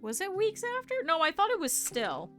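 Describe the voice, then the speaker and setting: A woman's voice: very high-pitched, wildly swooping pitch, normal speed, fairly bright tone, faint music behind. A woman streamer chatting casually with her viewers while she sews, with laughing asides. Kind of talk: casual livestream chat while sewing.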